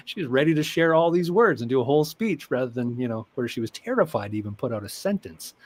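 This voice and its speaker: A man, a guest therapist, telling stories about clients in an animated way and acting out their voices. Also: medium pitch, brisk. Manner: animated, acts out quoted clients with laughs. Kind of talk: conversational storytelling.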